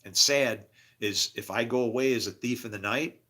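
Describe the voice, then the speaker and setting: A man's voice: mid-range voice, moderate pace, sharp tone. A middle-aged man rambling grumpily about faith and his day, preaching and laughing at himself. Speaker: vlogger. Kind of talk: rambling monologue.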